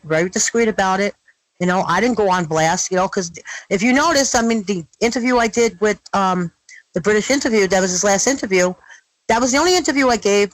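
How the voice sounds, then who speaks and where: A middle-aged woman telling her story in an interview, blunt and animated, swearing freely. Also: mid-range voice, dry recording, poor audio. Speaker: guest.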